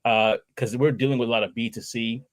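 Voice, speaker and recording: A man's voice: medium pitch, steady tone, a little fast. A man hosting a casual interview, upbeat and candid, encouraging his listeners. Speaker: host.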